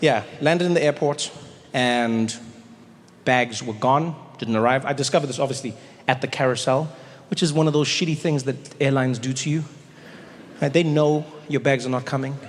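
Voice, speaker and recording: A male stand-up comedian telling a travel story on stage, animated and quick to jump into high quoted voices, on a handheld mic. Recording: long hall reverb, faint noise.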